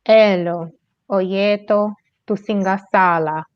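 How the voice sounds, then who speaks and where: A woman reading practice sentences aloud in an online language class, slow and careful. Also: mid-range voice, fairly even intonation, clear, resonant tone, no room sound, highs cut off. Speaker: student.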